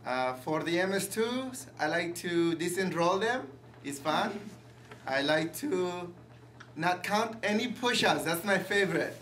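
A man voicing a gruff army major with a fake foreign accent who enjoys failing cadets, speaking slowly and flatly. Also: sits high, in a large hall, a little hiss or hum, voice pushed up. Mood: deadpan. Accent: put-on foreign accent. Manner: slow, deadpan counting of push-ups.

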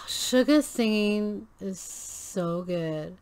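A woman's voice: medium pitch, very slow, darkish tone. Gushing woman thinking aloud. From Filipino American. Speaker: reaction video host. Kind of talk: casual reaction commentary.

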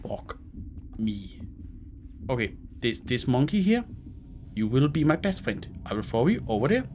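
A man's voice: medium pitch, very animated, moderate pace, a little mellow, a little hiss or hum. A man with a Scandinavian accent, a gaming host muttering, groaning and swearing through a horror let's play. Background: game music.

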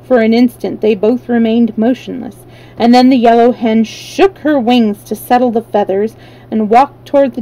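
A woman reading a children's storybook aloud in a steady, even way. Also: fairly high pitch, low-quality recording.

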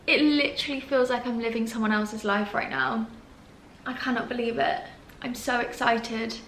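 A woman in her twenties, a lifestyle vlogger, chatting in a teary, gushing way at home in her flat. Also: on the high side, moderate pace. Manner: gushing, breathy and soft-spoken. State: teary, emotional. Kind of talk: tearful reflective vlog chat. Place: empty flat at home, indoors. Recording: echoey room, faint background hum.

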